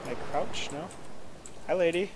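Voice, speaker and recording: A man's voice: fairly high pitch, unhurried, slight background noise. A man casually commenting on a video game, swearing freely, joking and muttering his reactions as he plays. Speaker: let's play host.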